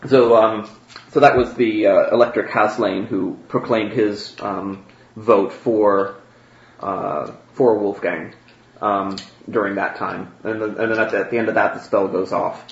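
A man's voice: on the low side, fairly even intonation, unhurried, creaky. A man narrating as game master, hesitant and full of fillers. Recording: roomy, dull, faint noise.

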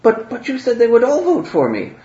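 A man's voice: very high-pitched, huge pitch swings, a little fast, mellow, voice pushed up, full character voice. A man doing a whiny teenage boy pleading. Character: bewildered teenage boy heir, weak and pleading. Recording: roomy, dull, faint noise.

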